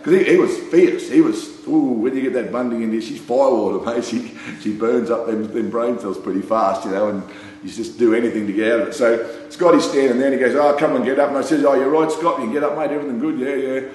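A man's voice: mid-range voice, fairly quick, darkish tone. A man with an Australian accent telling a casual anecdote, rambling with fillers and breaking into laughter. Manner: rambling, laughing, full of "you know" and "mate". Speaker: storyteller. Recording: very echoey room with faint hum.

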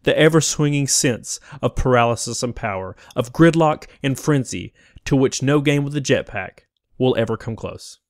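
A man's voice: mid-range voice, lively intonation, normal speed, no echo, clean studio sound. A man narrating a scripted game review in a wistful, opinionated way. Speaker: YouTube game critic.

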